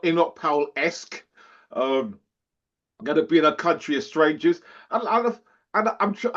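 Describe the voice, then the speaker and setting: A man with a somewhat high, slightly bright voice co-hosts a podcast, chatting casually and animatedly. He laughs and acts out quotes, and the recording has a dull lo-fi sound.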